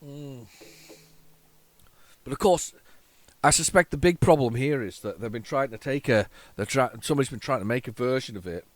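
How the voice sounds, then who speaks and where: A man hosting a retro computing video, chatting casually and rambling to viewers as he tests old tapes. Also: medium pitch. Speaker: retro computing channel host.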